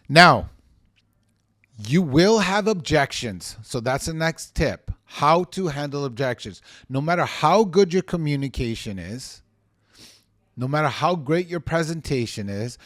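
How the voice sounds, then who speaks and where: A man coaching on real estate sales in a motivational teaching monologue, energetic, emphatic and given to ranting. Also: on the high side, dry recording, studio quality.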